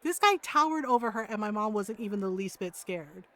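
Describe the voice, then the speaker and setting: A woman streaming a game from home at a desk mic, telling a story in casual chat, animated and laughing as she acts out the people in it. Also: mid-range voice, brisk.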